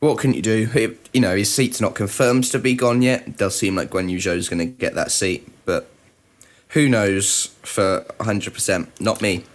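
A man with a fairly low voice, co-hosting a chatty podcast. He talks in a wry, self-deprecating way and often laughs mid-sentence. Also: normal speed. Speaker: podcast co-host. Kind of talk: casual chat.

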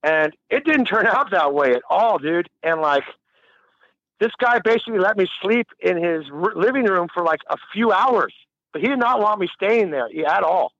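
A man's voice: sits high, lively intonation, moderate pace, a bit bright, dry recording, dull audio. A man telling a long, rambling story in a casual interview, laughing and swearing freely. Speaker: musician guest.

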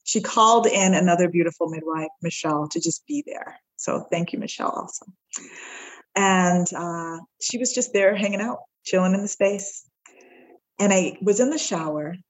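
A woman guest on a podcast tells a heartfelt personal story, acting out the voices of the people in it. Her voice sits on the low side at a normal speed, and the recording is rough.

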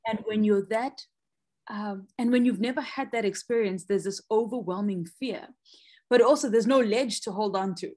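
A woman in her thirties, a podcast guest telling a personal story with lively re-enacted moments. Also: mid-range voice, normal speed. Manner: expressive, acts out quoted panic loudly.

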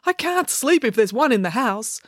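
A woman's voice: fairly high pitch, big pitch swings, normal speed, no echo, clean studio sound, voice pushed up. A woman voicing a fussy, germ-phobic middle-aged father who rants anxiously. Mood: worried. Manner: anxious, fretful ranting.

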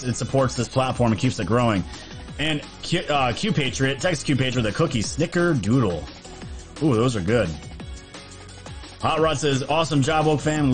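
A man hosting a livestream, casually chatting and thanking viewers for donations with upbeat energy. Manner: upbeat, thanks viewers quickly, lively pitch jumps. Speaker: livestream host.

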